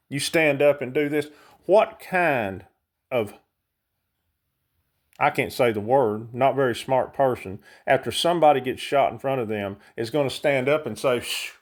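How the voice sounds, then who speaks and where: A man delivering a heated, impassioned monologue straight to his viewers. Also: mid-range voice. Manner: heated, ranting, speaks directly to viewers. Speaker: vlogger.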